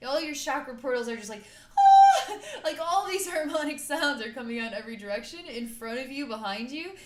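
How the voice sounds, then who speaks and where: A woman's voice: sits high, brisk, echoey room, heavy background noise. A woman working as a psychic healer, guiding a distance healing session in an effusive, giggly, rambling way.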